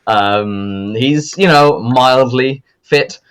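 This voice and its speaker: A man's voice: mid-range voice, very slow, smooth. A young man narrating as game master, rambling with lots of fillers. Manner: rambling with many fillers and laughs.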